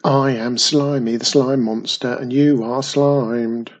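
A man's voice: medium pitch, fairly even intonation, takes it slowly. A man voicing a rude, cackling male slime monster who taunts and giggles in a storybook reading. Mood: mocking.

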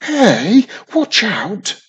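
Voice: mid-range voice, expressive, slow, slightly rough, full character voice. A reader voicing a nervous, complaining young male wizard in a storybook, stammering and grumbling. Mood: alarmed. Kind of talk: storybook reading.

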